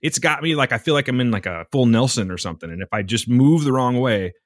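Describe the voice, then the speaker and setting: A man hosting a podcast, chatting casually in a rambling, expressive, self-mocking way. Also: medium pitch, quick pace, no echo, clean studio sound. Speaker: podcast host. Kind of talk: casual chat.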